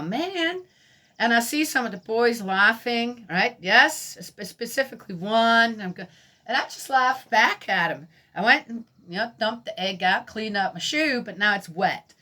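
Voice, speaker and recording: A middle-aged woman from Switzerland teaches a Bible lesson through personal stories. Her voice is bright. She talks in a chatty way, laughs often and keeps asking her listeners questions. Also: on the high side, moderate pace. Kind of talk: storytelling sermon.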